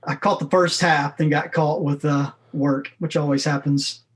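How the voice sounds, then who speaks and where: Male podcast guest, somewhat high voice, easygoing and self-deprecating. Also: fairly even intonation, moderate pace. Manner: laid-back, self-deprecating. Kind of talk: casual interview chat.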